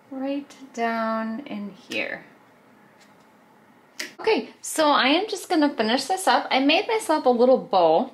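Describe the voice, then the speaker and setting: A woman's voice: fairly high pitch, slight background noise. A woman hosting a casual craft video, narrating each step as she works, chatty with small laughs. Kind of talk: casual craft tutorial voice-over.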